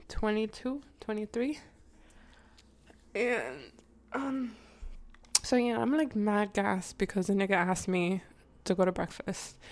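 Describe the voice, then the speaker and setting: A woman's voice: medium pitch, creaky. A woman vlogger telling a candid, slangy story to her viewers, laughing often and wandering off on side remarks. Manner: chatty, digresses, addresses viewers.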